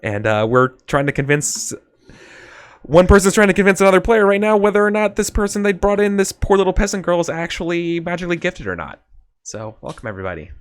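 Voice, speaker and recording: A man's voice: high voice, lively intonation, fast, clean tone. A man running a tabletop role-playing game as game master, talking in a rambling, chatty way with many fillers.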